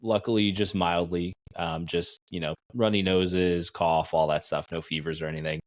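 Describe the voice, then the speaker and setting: A man's voice: low voice, steady tone, moderate pace. A man in his thirties co-hosting a dad podcast, telling family news in a plain, matter-of-fact way with fillers. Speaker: podcast co-host. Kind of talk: casual chat.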